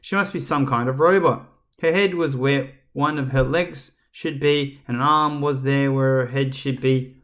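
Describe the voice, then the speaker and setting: A man reading a children's book aloud as a storyteller, expressive and talking straight to the reader. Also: mid-range voice, normal speed. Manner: expressive, addresses the reader directly.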